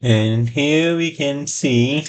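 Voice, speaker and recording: Low-key man narrating gameplay. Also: extremely slow. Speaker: gameplay channel host. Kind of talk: casual gameplay commentary.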